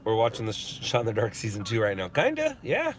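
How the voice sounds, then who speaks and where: A man's voice: lowish voice, little pitch movement, fast, a little hiss or hum. A man hosting a live stream from a parked spot, casually answering viewer questions and joking around. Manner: laid-back, joking, answering chat questions. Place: parked in a parking lot at sunset.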